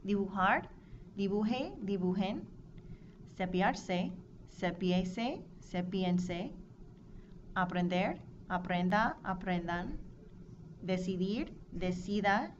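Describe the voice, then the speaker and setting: A woman teaching a Spanish grammar lesson, explaining clearly and drilling verb forms in a measured, scripted way. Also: mid-range voice. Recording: dull lo-fi recording with audible noise.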